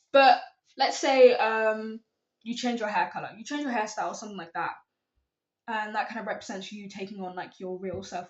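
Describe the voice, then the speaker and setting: A woman's voice: medium pitch, reverberant, lo-fi sound. A young woman talking to her camera in a casual, rambling, self-deprecating way, giving advice. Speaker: vlogger.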